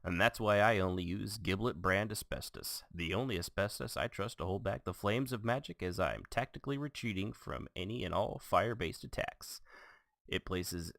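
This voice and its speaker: A man playing a male announcer in a fantasy-themed spoof advertisement, pitching it deadpan. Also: normal speed, gravelly, dry recording. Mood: mock sales pitch.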